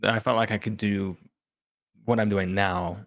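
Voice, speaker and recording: A man's voice: fairly low pitch, fairly even intonation, unhurried, a bit bright, no echo. A man in a casual podcast chat, rambling and thinking aloud with lots of fillers. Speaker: podcast cast member.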